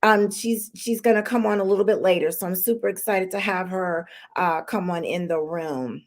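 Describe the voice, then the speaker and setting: A woman's voice: on the low side, normal speed. A woman hosting a live-streamed talk show, chatty and emotional with many fillers and restarts, holding back tears. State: tearful, holding back crying.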